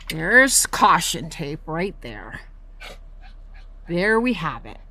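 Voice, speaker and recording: A woman's voice: fairly low pitch, bright, forceful tone, a little hiss or hum. Indignant woman filming her park outdoors. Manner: indignant, accusing, points things out as she walks. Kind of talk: walking tour vlog with complaints. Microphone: phone camera held while walking.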